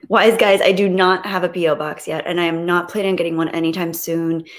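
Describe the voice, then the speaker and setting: A woman hosting a casual live stream, greeting viewers and reading their messages aloud, soft and reflective when she talks about grief. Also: fairly low pitch, fairly even intonation, a little fast.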